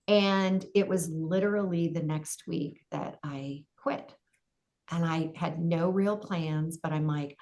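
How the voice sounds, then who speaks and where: A middle-aged woman with a fairly low voice tells her story as a podcast guest. She talks vividly, acting out her own thoughts along the way. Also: measured pace, dark tone. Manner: vivid, dramatic storytelling with acted-out inner voices.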